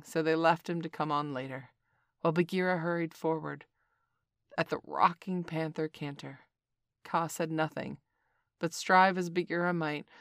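A woman's voice: deep voice, dry recording. Woman reading a storybook, dry and close. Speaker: narrator. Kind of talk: storybook narration.

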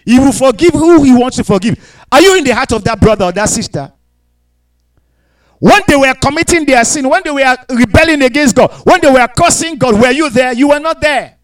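A man delivers a fervent sermon in a notably high voice. He drops to low, close talk, then lifts scripture into loud, drawn-out proclamations, and he acts out the voices of the people he describes. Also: lively intonation, low-quality recording. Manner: fervent, rising to shouted scripture; mock voices of people and God. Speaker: preacher.

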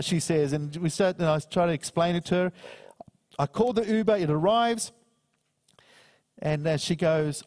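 A man's voice: fairly high pitch, darkish tone, in a large hall. A middle-aged man preaching a sermon, earnestly reading scripture and telling a personal story. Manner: earnest, slows down to read scripture. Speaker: minister.

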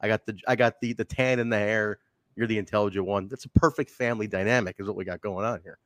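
A man's voice: fairly low pitch, fast, no echo. A man hosting a podcast in casual chat, joking and teasing his co-host. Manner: joking, animated, playful teasing.

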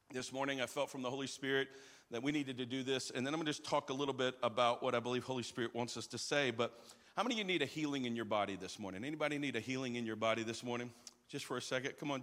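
Energetic male pastor in a big church. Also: mid-range voice. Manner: energetic, rallies the crowd with call-outs. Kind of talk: live church sermon. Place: large church auditorium. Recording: live sermon in a big reverberant sanctuary.

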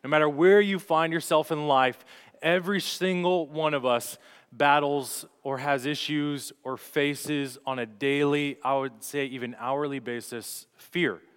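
Young guy preaching, fairly high voice, earnest storyteller, big echoey hall. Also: steady tone, unhurried, a bit bright, clean tone. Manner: earnest storytelling preacher, rising and falling with emphasis. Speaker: pastor. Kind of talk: sermon. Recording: long hall reverb.

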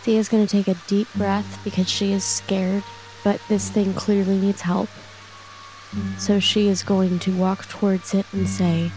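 A woman's voice: mid-range voice, flat delivery, unhurried, dark tone, soft background music. A woman playing a tabletop game, describing her character casually with many filler "like"s. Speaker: player.

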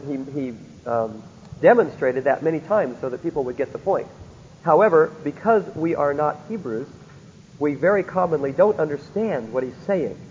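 A man with a gravelly, somewhat high voice delivers a Bible lecture, often pausing to ask rhetorical questions. The recording is dull and lo-fi, with a long hall reverb and a faint hum of ambience behind him. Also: darkish tone. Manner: keeps checking in with rhetorical questions. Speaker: Bible teacher.

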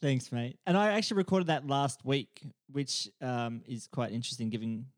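A man's voice: mid-range voice, normal speed. An Australian man hosting a casual podcast, joking and chuckling as he reads a text aloud. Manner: jokey, chuckles while reading. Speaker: podcast host.

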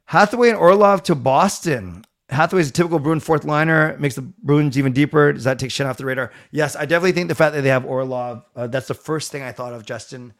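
A middle-aged man hosting a live stream, reading viewer comments aloud and answering them in a relaxed, chatty way. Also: fairly high pitch, fast, hardly any pauses. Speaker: livestream host reading chat. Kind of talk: casual chat.

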